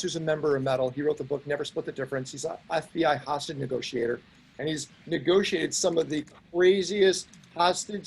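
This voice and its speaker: Lively, gravelly-voiced male host. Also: on the high side, poor audio. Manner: animated storyteller, laughs often. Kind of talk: casual chat.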